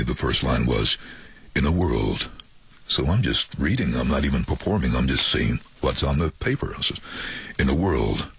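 A middle-aged man, a voiceover artist, telling lively anecdotes in a chatty way and putting on voices for the people he quotes. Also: extremely low pitch, breathy edge, no echo. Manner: chatty, animated storyteller who breaks into quoted voices. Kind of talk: casual storytelling in an interview.

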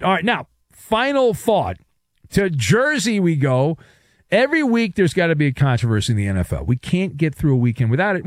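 A man's voice: on the high side, darkish tone, no echo. A middle-aged man hosting a sports talk radio show, opinionated and sarcastic, with jokey asides.

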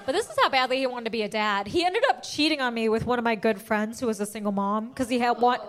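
A young woman delivers a stand-up comedy set on a club stage. Her voice sits high and she tells her story with animated energy, jumping into the voices of the people she quotes. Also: fast talker, a crowd in the background.

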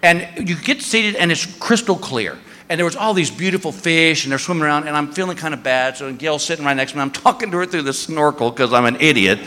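A stand-up comedian, a man, telling an animated story and acting out voices and screams on a live stage. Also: on the high side, fairly quick, few pauses. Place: comedy stage before an audience. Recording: live stage in a hall with crowd laughter.

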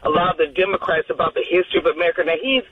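A woman's voice: lowish voice, rapid-fire, background noise. A woman calling in to a radio show, rambling and losing her train of thought. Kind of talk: call-in phone conversation. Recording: tinny phone line.

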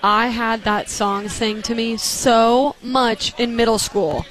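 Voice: medium pitch, fairly even intonation, slow, fairly bright tone, rough recording. A speaker on a sports radio show telling a funny school story in casual banter.

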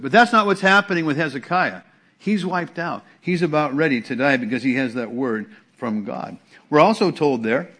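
A man's voice: fairly high pitch, a bit bright. Conversational middle-aged male pastor preaching. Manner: conversational preaching with restarts and emphatic repetition. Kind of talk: sermon.

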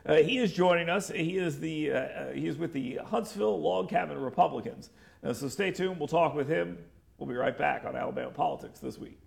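A man hosting a political talk show, chatting casually, animated and joking, with frequent restarts. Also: a little high, brisk, gravelly, breathy edge.

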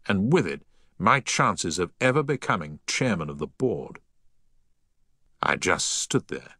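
A man narrating a first-person story as an audiobook, in a measured, expressive way. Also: sits low, breathy edge, no echo, studio quality.

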